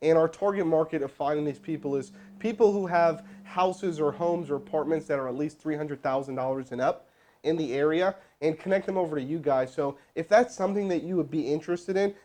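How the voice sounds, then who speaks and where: A man hosting a live stream, teaching cold calling and rallying viewers in the chat in a loud, animated way. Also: on the high side, brisk. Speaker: host doing live sales calls.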